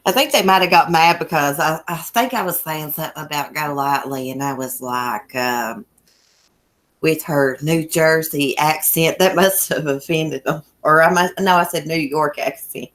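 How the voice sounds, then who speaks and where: This woman from a small mountain town in Southwest Virginia has a deep, low voice and a thick Appalachian country accent. Hosting a relaxed YouTube livestream, she reads viewer comments at a normal speed, chatting folksily and laughing easily.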